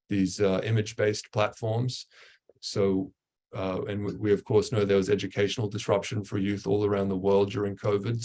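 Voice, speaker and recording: Low, flat-voiced man presenting a webinar. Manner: earnest, frequent fillers and restarts. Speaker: guest presenter.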